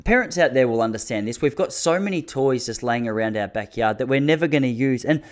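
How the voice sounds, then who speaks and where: Man, casual rambling storytelling, backyard outdoors, self-interrupting, mid pitch. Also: expressive, brisk. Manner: rambling, self-interrupting, drops to a hushed mutter when the neighbour passes. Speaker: vlogger talking to his audience.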